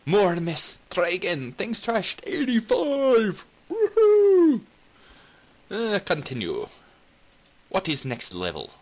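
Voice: medium pitch, huge pitch swings, a little slow, low-quality recording. A gameplay commentator, playful and giggly, who talks as the cat in mock outrage and breaks into sing-song bits and meows. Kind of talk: let's play commentary.

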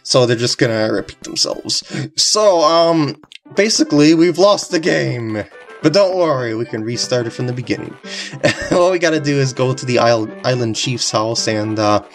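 A woman's voice: extremely low pitch, expressive, normal speed. A woman casually commenting over a video game walkthrough, rambling and giggling. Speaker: gameplay commentator. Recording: faint game music behind.

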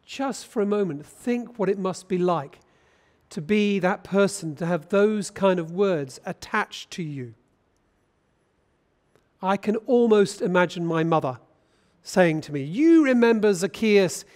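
A man's voice: sits high, lively intonation, a little slow, darkish tone. A man with a British accent preaching a sermon as a bishop in a church, talking conversationally and putting questions to the congregation.

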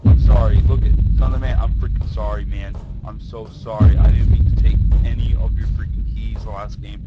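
A young man doing let's-play commentary on a horror game, excitable and swearing a lot, yelping and shrieking when scared. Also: lowish voice, a little slow. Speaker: gaming YouTuber. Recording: dull lo-fi recording with loud game music.

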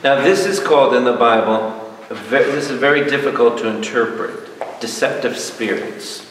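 A priest leading a Bible study, animated and jokey, quizzing his audience. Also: medium pitch, moderate pace. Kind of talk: lively Bible study teaching. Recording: echoey hall, mic far off, noisy.

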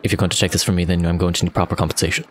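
A man voicing a haughty, smooth-talking gentleman haggler in a tabletop game, speaking slow, low and polished. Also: little pitch movement, slight background noise, natural voice.

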